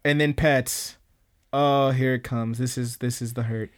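A young man hosting a podcast, casually recapping an anime in an animated way, swearing freely. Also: mid-range voice, measured pace, clean tone. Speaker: podcast host.

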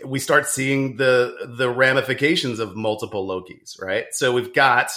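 A man hosting a podcast, chatting in an animated, quick way with many fillers. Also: medium pitch. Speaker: podcast host. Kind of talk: casual chat.

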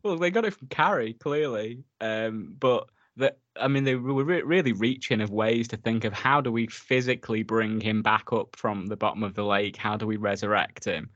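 Male podcast co-host, low-ish, easygoing, dry muffled sound. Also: normal speed, hardly any pauses, no echo. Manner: relaxed, laughs often while talking. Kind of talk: casual film review chat.

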